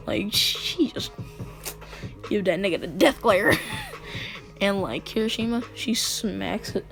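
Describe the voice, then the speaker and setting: Woman, casual storytelling, slangy and joking, laughs a lot, mid-pitched, faint background music. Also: a little slow, vocal fry, pauses often. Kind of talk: casual fan-fiction storytelling.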